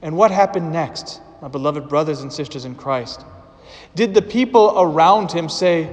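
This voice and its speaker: A man preaching a sermon as a priest, slow and deliberate with dramatic pauses, in a church. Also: on the high side, expressive. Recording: church with long reverb.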